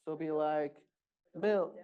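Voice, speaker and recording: A man's voice: high-pitched, animated, unhurried, narrow, tinny audio. Upbeat man leading a group music class. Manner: encouraging, upbeat instructions. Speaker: music workshop leader.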